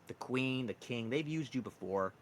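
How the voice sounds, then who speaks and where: A man's voice: medium pitch, lively intonation, moderate pace, slight background noise. A man narrating as dungeon master in a casual, rambling way. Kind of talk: narrating a tabletop game.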